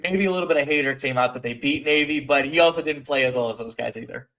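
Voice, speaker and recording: A man co-hosting a casual sports chat show, reading through stats in a quick list. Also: medium pitch, fairly bright tone. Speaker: co-host.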